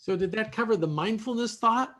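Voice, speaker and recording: A man hosting a video podcast roundtable over a video call, asking questions in a halting way with many fillers. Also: high voice, bright, forceful tone. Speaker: podcast host.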